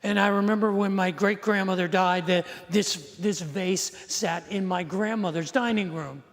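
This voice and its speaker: A middle-aged male pastor preaching in a church sanctuary, with a fairly high voice for a man. He talks like he is telling a story to friends, asking the room questions and adding dry jokes. A long hall reverb trails behind his words. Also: normal speed. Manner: conversational storytelling, asks the audience questions, dry humor. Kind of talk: sermon.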